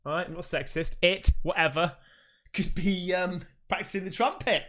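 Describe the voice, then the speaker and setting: A man hosting a reaction video, talking in an excitable, rambling way with jokey asides. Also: sits high, moderate pace. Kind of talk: casual reaction commentary.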